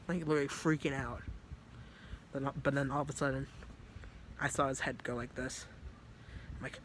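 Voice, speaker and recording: A man's voice: mid-range voice, little pitch movement, fast, long pauses, fairly bright tone, slight background noise. A man telling a story in a casual, rambling way, full of fillers and swearing. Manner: rambling, filler-heavy and profane. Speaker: vlogger.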